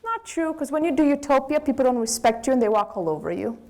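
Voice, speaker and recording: A woman with a Brazilian accent, a business owner giving a candid, animated lecture to students. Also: high-pitched, fast talker. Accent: Brazilian Portuguese. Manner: animated, candid storytelling with acted quotes.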